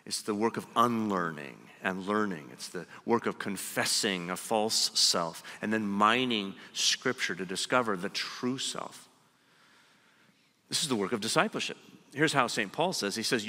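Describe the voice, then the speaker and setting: A man preaching a sermon, emphatic and deliberate, slowing down to stress his key phrases. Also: mid-range voice, big pitch swings, pushed and bright. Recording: long hall reverb.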